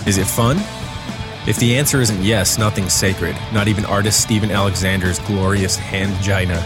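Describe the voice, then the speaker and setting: A man reading scripted documentary narration in a measured, wry manner. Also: fairly low pitch, steady tone. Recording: narration over guitar music.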